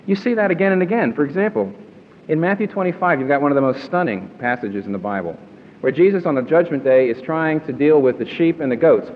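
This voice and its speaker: A man's voice: on the high side, a little hiss or hum. Man, preacher, emphatic sermon, questions to listeners, reverberant hall, slightly dull recording. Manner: emphatic, asks the audience questions.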